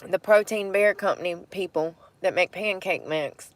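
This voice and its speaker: A woman's voice: fairly low pitch, moderate pace, dry recording. A young woman chatting casually and laughing as she eats in her parked car. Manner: chatty, laid-back, laughs often, talks while eating. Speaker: vlogger. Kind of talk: casual vlog chat while eating.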